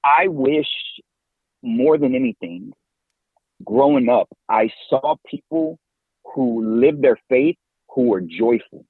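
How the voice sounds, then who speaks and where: A man in his forties, a podcast guest and campus minister, talking in a lively, slangy way and laughing often. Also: mid-range voice, slow pace, husky, no echo. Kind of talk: casual interview talk. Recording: tinny phone-like line, dry.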